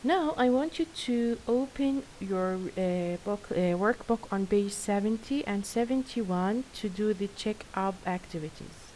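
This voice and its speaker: A woman's voice: medium pitch, animated, dark tone, low-quality recording. A woman teaching a grammar lesson to girls, patient and praising as she reads workbook answers. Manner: patient, praising, careful and slow. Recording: faint hiss.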